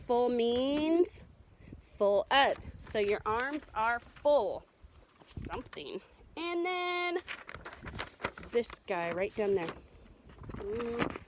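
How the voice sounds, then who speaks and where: A woman's voice: a little high, slight background noise. A woman teaching a remote reading lesson to first graders, patient and encouraging as she sounds out words.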